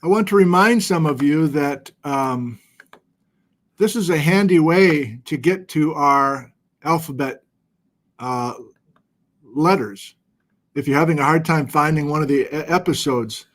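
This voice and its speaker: A middle-aged man with a slightly high voice hosts a casual livestream from a home studio. He chats loosely and pokes fun at himself while reading out viewer locations. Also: unhurried, long pauses. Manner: chatty, self-deprecating, reads viewer locations aloud. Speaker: livestream host. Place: home studio with document camera.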